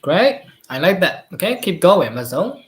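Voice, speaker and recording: A man with a Burmese accent teaching English in a casual live class, halting and correcting himself while praising students. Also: high-pitched, big pitch swings, echoey room.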